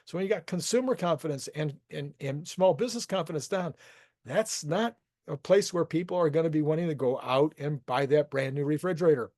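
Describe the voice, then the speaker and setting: A man's voice: a little high, fairly quick, a little mellow, no room sound, clean studio sound. A man hosting a solo economic commentary show, talking it through casually with frequent restarts. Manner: conversational, thinking aloud with restarts. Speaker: market commentary host.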